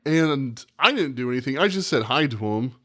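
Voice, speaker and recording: Male podcast co-host in his thirties, casual and animated, swears freely while acting out quotes, mid-pitched voice. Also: normal speed. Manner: animated, profane anecdote-telling with acted quotes. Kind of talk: casual storytelling chat.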